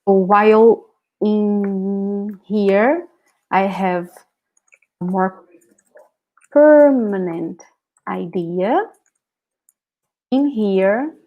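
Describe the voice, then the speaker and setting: Woman, Brazilian accent, language teacher, slow careful pace, explains, checks understanding, laughs easily. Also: mid-range voice, lo-fi sound. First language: Portuguese. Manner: patient, explanatory, checks in with "okay?", laughs often. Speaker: Portuguese teacher. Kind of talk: live online language class.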